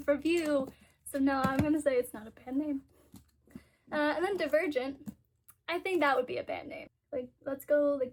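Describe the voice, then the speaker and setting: Woman book vlogger, high voice, loose rambling chat with giggles, stuffy and congested. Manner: rambling, giggly, thinks aloud with fillers. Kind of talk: casual chat.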